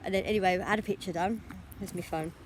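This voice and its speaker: Walking outdoors with her phone, a weary young vlogger talks on and on in a casual, unplanned way. She speaks at a medium pitch in a steady tone over a bit of background noise.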